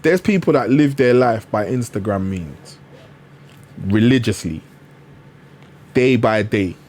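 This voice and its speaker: A man's voice: on the low side, expressive, darkish tone, slight background noise. A man co-hosting a podcast, casual and emphatic, often agreeing over and over. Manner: emphatic, lots of rapid agreeing. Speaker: podcast co-host. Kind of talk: casual banter.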